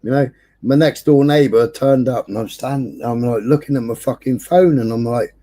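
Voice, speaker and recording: A man, hosting a livestream and telling a neighbourhood story in casual chat, swearing nonstop with animated delivery. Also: medium pitch, normal speed. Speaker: livestream host. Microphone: streaming setup.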